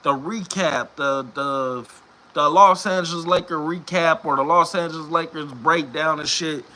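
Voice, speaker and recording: A man giving a profane, animated sports rant from home in a casual vlog, swearing and laughing often. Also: a little high, a little slow. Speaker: vlogger. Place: home room.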